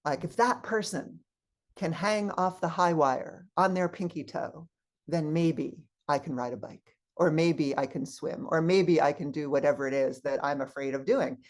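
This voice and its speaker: A woman's voice: low voice, moderate pace. A woman guest minister giving a sermon, telling personal stories and acting out the voices of people in them. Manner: animated storyteller acting out quoted voices. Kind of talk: sermon with storytelling.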